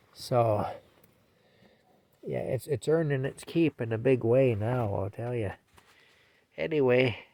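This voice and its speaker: An older man with a gravelly voice that keeps slipping into fry, talking casually at bedtime. He rambles, repeats himself and talks gently to his cat, in a middle-pitched voice. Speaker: vlogger. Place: small camper in a field, at night.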